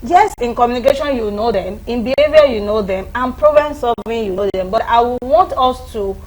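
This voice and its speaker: A middle-aged woman on a talk show, explaining parenting in a lively way and acting out children's and parents' voices. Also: fairly high pitch, a little fast, rough recording. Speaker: guest parenting expert. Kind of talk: studio talk show discussion.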